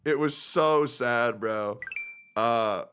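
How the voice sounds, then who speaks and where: This livestreamer's mid-range, slightly bright voice moves very slowly, with a little hiss or hum in the audio. In casual stream chat he rambles, swears a lot and becomes openly emotional over messages from his friends.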